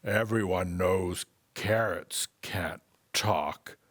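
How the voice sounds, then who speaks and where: A man reading a storybook and voicing a wise, playful talking tree in whispered role-play, low and gentle. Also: extremely slow, no room sound, heavily acted. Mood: teasing.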